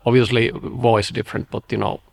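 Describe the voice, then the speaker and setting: A man's voice: medium pitch, flat delivery, brisk, vocal fry. A man hosting an interview, asking long, searching questions. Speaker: podcast host.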